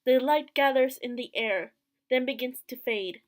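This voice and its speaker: A woman's voice: sits high, normal speed. A woman playing through a visual novel, reading its first-person narration aloud with joking asides. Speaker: let's play host.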